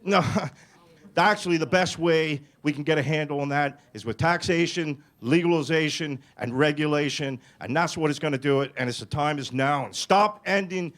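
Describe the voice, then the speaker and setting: Male public official, slightly higher voice, rousing speech at a town hall. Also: normal speed. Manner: mocks alarmed voices, rising and forceful. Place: meeting hall.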